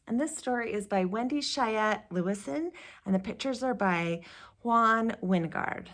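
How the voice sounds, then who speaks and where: A woman teacher reading a picture book aloud to young children in a gentle, drawn-out storytime voice. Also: fairly high pitch, expressive.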